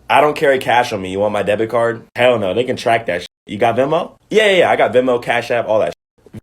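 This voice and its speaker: A man's voice: medium pitch, expressive, fast talker. A man acting out both parts of a comic skit, in streetwise slang. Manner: streetwise slang, jumping between characters.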